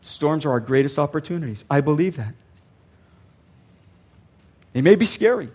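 Older pastor guy preaching, earnest, says things twice, pretty high voice. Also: sing-song, normal speed, darkish tone, husky. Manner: earnest, repeats lines for emphasis. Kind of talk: sermon.

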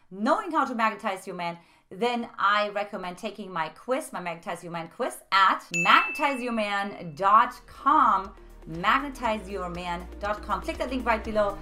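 Bright-voiced woman coaching on relationships. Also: mid-range voice, normal speed, soft background music. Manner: animated, leans on filler "right?" and "like". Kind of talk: direct-to-camera advice video.

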